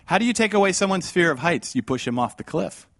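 Middle-aged male preacher, dramatic storyteller, big swings from hush to shout, dry close sound. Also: animated, fast talker, no room sound. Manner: dramatic, swings from hushed to loud and high. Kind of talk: sermon with storytelling.

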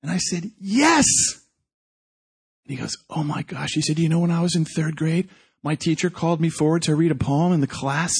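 A man's voice: fairly high pitch, fairly even intonation, quick pace, darkish tone, breathy edge. A man preaching a sermon, telling a story and acting out the quotes, building to intense fervor.

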